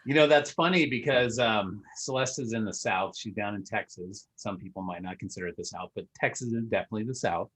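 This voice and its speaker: A man's voice: lowish voice, a little fast, hardly any pauses, fairly bright tone, breathy edge, low-quality recording. A man hosting a podcast, chatting casually in a loose, rambling way with many fillers. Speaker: podcast host. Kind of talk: casual interview chat.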